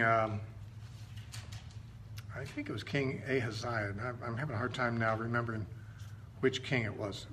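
A middle-aged man retelling Bible stories in an informal teaching style, conversational and halting, often stopping to correct himself. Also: medium pitch, pushed and bright, slight background noise.

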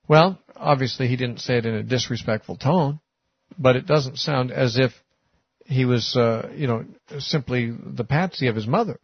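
A man's voice: medium pitch, normal speed, slightly rough, dry recording. A man giving a sermon-style Bible teaching, talking conversationally with frequent "uh" and "you know". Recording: muffled, lo-fi recording.

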